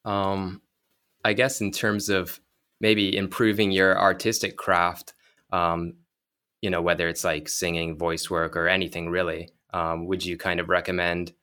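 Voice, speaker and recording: A man hosting an interview, asking questions in a soft-spoken, hesitant way with many fillers. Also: low-pitched, level tone, measured pace, clear, resonant tone. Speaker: interviewer, podcast host.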